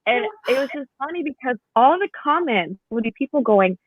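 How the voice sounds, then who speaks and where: A woman chatting casually on a live podcast, telling stories in an animated way and acting out the people she quotes. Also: high voice, fairly quick, hardly any pauses, no echo. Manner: animated storyteller, acts out voices in quotes. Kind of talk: casual chat. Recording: tinny phone-like live stream audio.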